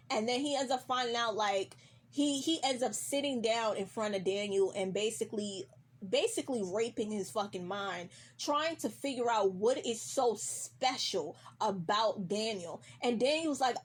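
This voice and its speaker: Husky woman doing a heated recap. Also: on the high side, normal speed. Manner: animated, acts out characters' lines mid-story. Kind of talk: casual profane show recap.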